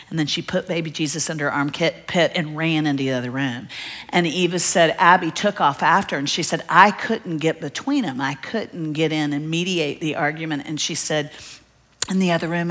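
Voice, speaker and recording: A middle-aged woman, preaching a sermon and telling a story with lively, animated delivery. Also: low voice. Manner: animated storyteller, acts out children's cries.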